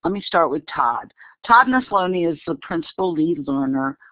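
Hoarse woman co-host, scratchy voice, reads out guest bios, tinny phone-like line, dry. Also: fairly low pitch, expressive, normal speed, no echo. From New Orleans, Louisiana. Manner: reads a long list of awards. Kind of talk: read webinar introduction. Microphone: online webinar call audio.

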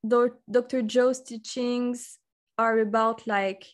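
A woman hosting a casual interview, answering with short reactions and slow, thoughtful remarks. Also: a little high, steady tone. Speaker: host.

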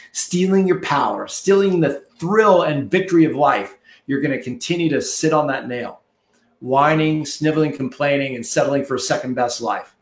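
A man's voice: on the high side, echoey room. A man coaching listeners in a punchy, preachy motivational monologue, repeating phrases for emphasis. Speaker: marketing coach.

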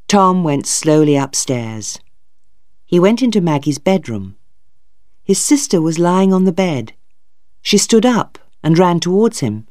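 Slow, expressive storybook narrator. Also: mid-range voice, no room sound, studio quality. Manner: clear, deliberate and expressive. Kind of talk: slow graded-reader narration for English learners.

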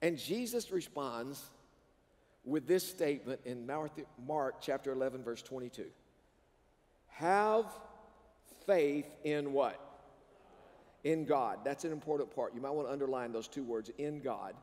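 A man's voice: medium pitch, lively intonation, unhurried, long pauses, darkish tone. A male pastor preaching a sermon in a large church sanctuary. He preaches with animation and prompts the congregation to answer back. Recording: long reverb of a church hall.

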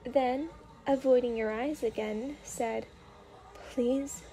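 A woman narrating a story in a gentle, unhurried ASMR reading. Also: high voice. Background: faint music.

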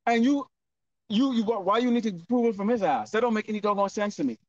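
A man's voice: high voice, expressive, fast talker. Profane scolding street preacher, a man. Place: outdoors, windy street corner. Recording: distant lo-fi outdoor recording.

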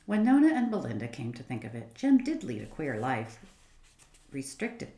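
Low-voiced woman reading a storybook. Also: wildly swooping pitch, moderate pace, dark tone. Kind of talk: reading a children's book aloud. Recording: roomy echo.

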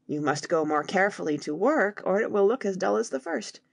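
Woman voicing a calm storybook father. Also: mid-range voice, a little fast, vocal fry, dry recording, studio quality. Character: calm wise middle-aged father.

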